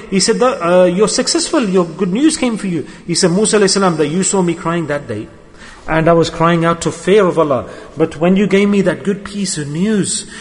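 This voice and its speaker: A man preaching a sermon with emotive storytelling, repeating his key words. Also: sits high. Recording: long hall reverb.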